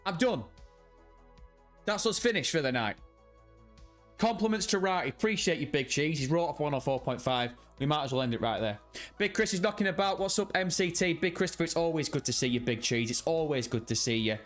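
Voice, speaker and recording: A rowdy man with a slightly raised voice hosts a casual livestream, cracking jokes and swearing freely as he reads out viewers' names. Soft music plays faintly behind him. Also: fairly high pitch, lively intonation, fairly quick. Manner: rowdy, jokey, swears a lot; greets chat members by name. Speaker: livestream host. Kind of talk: casual live stream chat.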